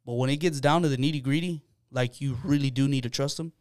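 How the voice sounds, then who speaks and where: A man's voice: mid-range voice, fast, a little mellow, smooth, dry recording, clean studio sound. A man, a podcast guest, telling an earnest personal story in casual chat, with many fillers and restarts.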